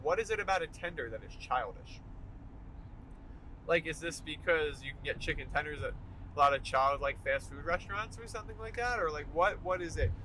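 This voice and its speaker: Bright-voiced young man ranting while driving. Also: fairly high pitch, poor audio. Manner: animated, ranting, emphatic asides. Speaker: podcast host. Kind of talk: solo commute podcast rant. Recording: faint car noise behind. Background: car road noise.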